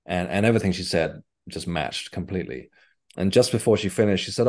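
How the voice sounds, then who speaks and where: Guest voice: man, low-pitched, rambling and chatty storyteller. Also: animated, fairly quick. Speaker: guest, medium and author. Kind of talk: casual interview chat.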